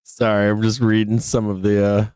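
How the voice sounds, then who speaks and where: A man's voice: on the low side, monotone, normal speed, a little mellow, clean tone, no room sound, poor audio. A man hosting a live stock market show, ranting in exasperation with frequent laughter and cursing. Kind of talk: live-stream rant.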